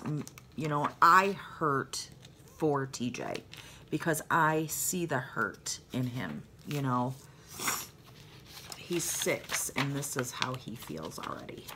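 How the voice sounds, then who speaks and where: A woman's voice: very deep voice, lively intonation, slow, noisy background. An older woman, a grandmother, chatting in a rambling, heartfelt way on her planner vlog while she decorates pages. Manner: rambling, heartfelt, trails off into asides. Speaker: planner vlogger.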